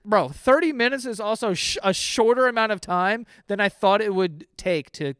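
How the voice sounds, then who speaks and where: A young man doing casual reaction commentary, swearing freely and swinging into sudden loud outbursts. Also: sits high, moderate pace, few pauses, smooth, dry recording, studio quality. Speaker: comedy YouTuber reacting to stories.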